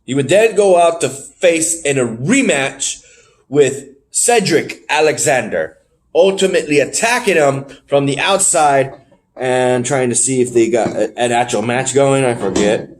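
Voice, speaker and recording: A man co-hosting a podcast, recapping wrestling shows in casual chat, animated and swearing freely. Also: a little slow. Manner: animated, swearing, jumps in pitch when surprised. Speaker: podcast co-host.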